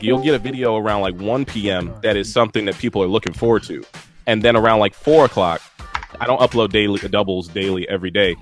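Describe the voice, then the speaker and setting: A man talking casually in a group chat, animated and laughing as he defends his videos. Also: on the low side. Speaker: guest YouTuber.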